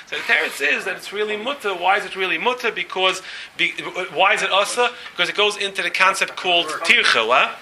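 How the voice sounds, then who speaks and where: Man, rabbi leading a Talmud class; very bright, slightly high voice, emphatic and animated, throws questions to students. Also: fast talker, slight background noise, rough recording. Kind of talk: Talmud lecture with interjections from students.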